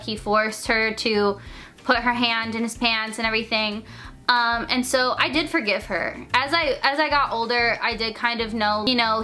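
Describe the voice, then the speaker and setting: A young woman telling a personal story in casual chat, talking fast with lots of "like" fillers. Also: a little high, bright, forceful tone. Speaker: storyteller vlogger.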